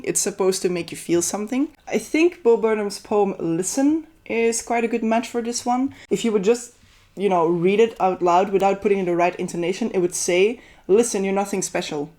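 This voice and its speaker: A woman's voice: mid-range voice, moderate pace, darkish tone. Woman casually critiquing poetry. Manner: conversational, opinionated, critical. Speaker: book reviewer. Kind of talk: casual review to camera.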